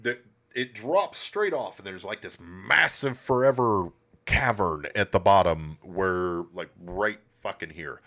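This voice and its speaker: Hosting a loose classic car livestream from his auto shop, a man with a lowish voice speaks at a measured pace, his pitch swinging around lively. His casual commentary is blunt, laid-back and peppered with swearing.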